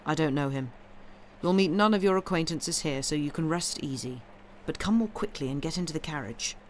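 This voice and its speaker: A woman's voice: sits low, lively intonation, fairly quick, a little hiss or hum. A woman voicing an ardent, impatient young man in a read-aloud story, urgent and pleading.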